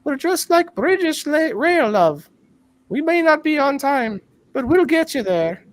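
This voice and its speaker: Guy doing a high sing-song british lady, soothing a kid, cheery. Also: big pitch swings, measured pace, heavily acted. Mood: reassuring. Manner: soothing, reassuring. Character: chirpy middle-aged British woman flight attendant. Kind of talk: quick impression in a live-stream chat.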